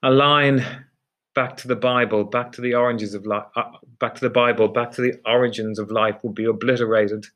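A man narrating a dark story in a measured, deliberate audiobook reading. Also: on the low side, little pitch movement.

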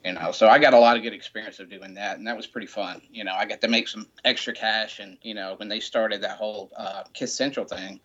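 A man's voice: lowish voice, fairly even intonation, fast, few pauses, a bit bright, lo-fi sound. A man as a podcast guest, telling stories in a rambling, casual way full of "you know.". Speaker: guest, rock memorabilia shop owner. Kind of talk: casual storytelling.

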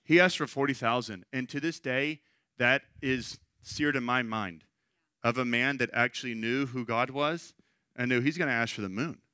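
Hey so this middle-aged guy preaching, bright tone, keeps going "right?" like chatting with the crowd. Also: mid-range voice, normal speed, smooth, no room sound. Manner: conversational storytelling with frequent "right?" asides. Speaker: pastor. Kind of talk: sermon.

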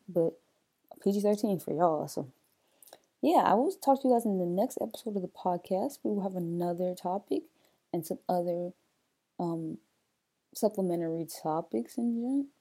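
A woman's voice: mid-range voice, warm tone, slightly rough. A young woman hosting her own podcast, chatting casually and playfully, sleepy and yawning early in the morning. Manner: chatty, loose, playful asides. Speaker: podcast host. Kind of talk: casual solo podcast chat.

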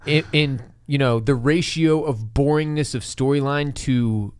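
Smooth-voiced male podcast host, joking. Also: medium pitch, measured pace, a little mellow, no echo, clean studio sound. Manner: joking, profane, loose. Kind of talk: casual podcast chat and ad read. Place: podcast studio.

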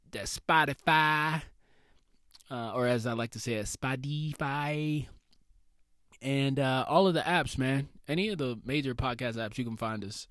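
A man's voice: medium pitch, fairly bright tone, no echo, clean studio sound. A man hosting a motivational solo podcast, talking in a casual, slangy way and calling his listeners "baby". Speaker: podcast host.

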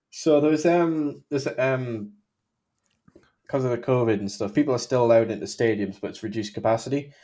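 A man's voice: medium pitch, moderate pace, long pauses, mellow. A man on a podcast, telling jokes in casual chat. He giggles his way through the setups, and laughter keeps breaking into his lines. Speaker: podcast co-host.

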